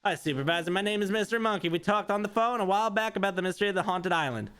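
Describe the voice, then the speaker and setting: A man voicing a bold male monkey scientist who speaks earnestly, raised above his own pitch. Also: racing, fairly bright tone, clean tone.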